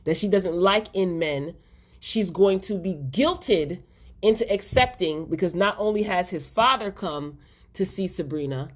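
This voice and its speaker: A woman's voice: lowish voice, measured pace. A woman hosting a casual TV episode recap, chatty and exasperated as she talks straight to her viewers. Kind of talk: casual spoken episode review.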